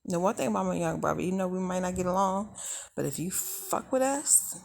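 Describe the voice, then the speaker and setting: A young adult woman tells her life story to the camera in a frank, unpolished, conversational way. Her voice sits low and carries a heavy rasp of vocal fry. She speaks bluntly, as if talking to friends. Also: animated, brisk, darkish tone, slight background noise. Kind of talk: casual first-person life story.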